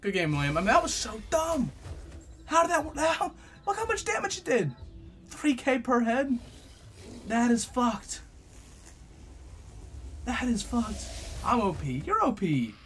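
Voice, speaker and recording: A young man giving live gameplay commentary, profane and trash-talking, swinging between loud outbursts and low mutters. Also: huge pitch swings, moderate pace. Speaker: gaming YouTuber.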